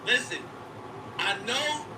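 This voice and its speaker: Very high-voiced man teasing in an echoey clip. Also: expressive, takes it slowly. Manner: teasing, mocking jokes. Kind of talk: joking livestream commentary. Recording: distant, echoey, noisy stream audio.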